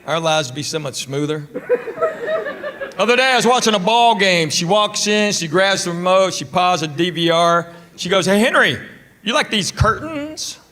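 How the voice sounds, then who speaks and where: A man doing stand-up comedy and crowd work, with a dry, mock-insulting way of teasing the audience. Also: on the high side. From Tennessee. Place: live comedy stage. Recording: loud background noise on stage.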